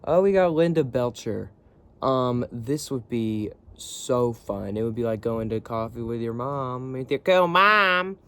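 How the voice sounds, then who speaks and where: A man's voice: mid-range voice, measured pace, darkish tone, clean tone. A young man vlogging from his bunk, rambling in a laid-back, slangy way. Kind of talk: casual rambling chat. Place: bunk bed area indoors.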